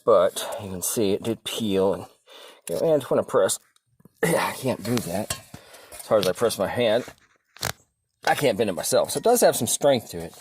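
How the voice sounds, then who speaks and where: A man's voice: fairly low pitch, lively intonation, moderate pace, long pauses, a little hiss or hum. A man hosting his own video, casually talking through a test-cutting demonstration, thinking aloud and chuckling as he goes. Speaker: video host demonstrating weapons. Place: outdoors or in a workshop during a test-cutting session.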